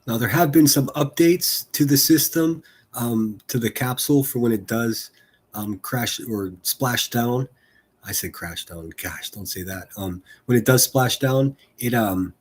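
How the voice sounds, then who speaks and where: A man's voice: mid-range voice, darkish tone, breathy edge. A man hosting a live stream, making casual running commentary with crude jokes and frequent laughter. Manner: joking, laughs often, crude teasing humor.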